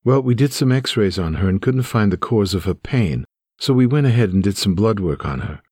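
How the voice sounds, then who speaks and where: A man's voice: on the low side, animated, normal speed, darkish tone, slightly rough, no room sound, clean studio sound. A man narrating a memoir voices an earnest male ER doctor who keeps reassuring a frightened son.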